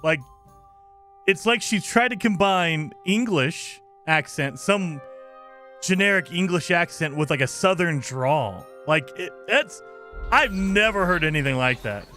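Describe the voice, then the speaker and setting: A man's voice: sits high, animated, unhurried, pushed and bright, soft background music. A man hosting a let's-play, commenting casually and with exasperation over the game, often laughing. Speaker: gaming channel host.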